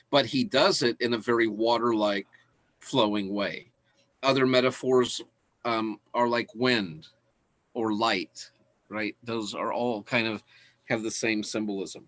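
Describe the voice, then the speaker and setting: A man's voice: mid-range voice, fairly even intonation, measured pace, a bit bright, dry recording. A man teaching in a casual lecture, enthusiastic and laughing often as he talks.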